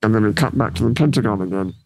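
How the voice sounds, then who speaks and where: A man's voice: fairly low pitch, expressive, racing, low-quality recording. A man co-hosting a podcast, chatting casually as he recaps a movie scene by scene, with frequent fillers and laughter. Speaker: podcast co-host.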